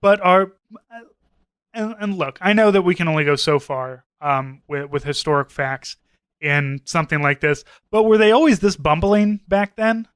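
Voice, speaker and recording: Bright, clear-voiced man chatting loosely. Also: a little high, animated, moderate pace, no echo. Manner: rambling, retells scenes with quoted voices, swears. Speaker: podcast co-host. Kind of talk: casual chat.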